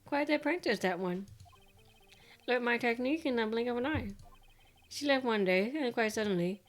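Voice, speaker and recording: A woman voicing a pompous, evasive old male lawyer from a video game, stuffy and formal, clearing her throat. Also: a little high, animated, normal speed, natural voice. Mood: proud. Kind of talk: reading game dialogue aloud.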